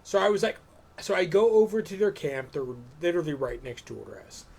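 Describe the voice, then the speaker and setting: A man's voice: high voice, fairly quick, gravelly, husky. A man co-hosting a live stream show, telling a rambling story in a casual, profane way. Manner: loose, profane, animated storytelling. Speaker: podcast co-host.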